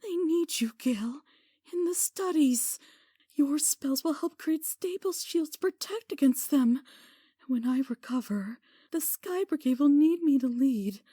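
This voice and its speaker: Woman playing a distraught mare mother, pleading, often hushed, high voice, dry close sound. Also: expressive, unhurried, no echo. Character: distraught young mother mare, pegasus brigade leader. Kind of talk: fan audio drama acting.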